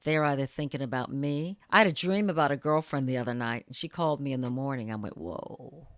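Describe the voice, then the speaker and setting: A woman's voice: rumbling low, quick pace, no room sound, studio quality. A middle-aged woman co-hosting a casual live chat, telling anecdotes with lots of laughter and acting out the other people in her stories. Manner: warm storyteller who laughs easily and acts out voices in her anecdotes. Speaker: co-host.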